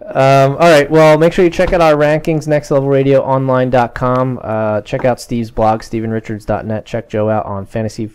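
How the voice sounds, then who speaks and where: A male podcast host with a smooth, resonant voice and a middle pitch. He talks in a loose, chatty way, dropping plenty of "uh"s as he runs through plugs and wraps up the show. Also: little pitch movement, normal speed, hardly any pauses, darkish tone. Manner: chatty, many fillers, reads off plugs. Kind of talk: casual sports podcast chat.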